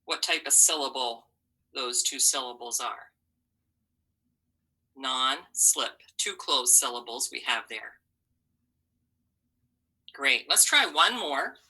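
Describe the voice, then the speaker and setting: A woman teaching a phonics lesson to young children, slowly sounding out letters and syllables with encouraging praise. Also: very deep voice, animated, bright, forceful tone, slightly rough, low-quality recording.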